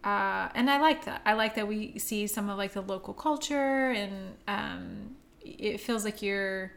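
A woman's voice: medium pitch, measured pace, creaky. A woman co-hosting a casual film-review chat, chatty and laughing often, with frequent fillers. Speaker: podcast co-host.

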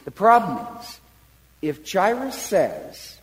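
A man, a priest, retelling a Bible story in a sermon, animated and full of acted-out quotes. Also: high-pitched, a little slow, big-room sound, poor audio. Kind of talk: sermon-style Bible teaching.

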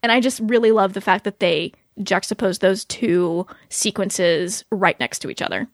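A woman hosting a podcast, chatting casually about a TV episode, animated and laughing often. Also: moderate pace, no echo, studio quality. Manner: animated, laughs often, quotes scenes in a lowered voice. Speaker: podcast host. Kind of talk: casual TV recap chat.

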